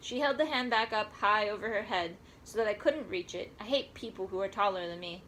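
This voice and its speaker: A woman's voice: medium pitch, a little fast, hardly any pauses, a bit bright, a little hiss or hum, rough recording. A woman reading a first-person story aloud in a wry, conversational way. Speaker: audiobook narrator.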